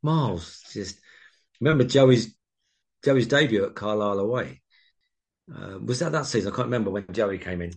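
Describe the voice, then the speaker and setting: A former footballer in his sixties telling long anecdotes in an interview. His voice is low and gravelly, and he rambles, restarts and jumps between memories. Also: expressive, normal speed, long pauses, darkish tone. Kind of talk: casual interview.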